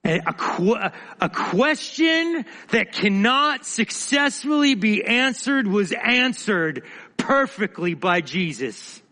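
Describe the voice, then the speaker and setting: Bright-voiced preacher in a reverberant hall. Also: male voice, high voice, sing-song, takes it slowly. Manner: dramatic, swings from loud to quiet. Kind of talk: sermon.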